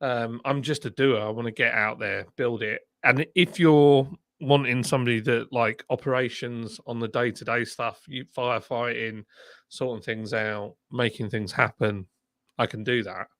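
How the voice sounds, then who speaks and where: A man's voice: medium pitch, steady tone, normal speed, fairly bright tone, dry recording, studio quality. A man hosting a casual livestream chat, talking bluntly and laughing often. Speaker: livestream host, former brewery boss.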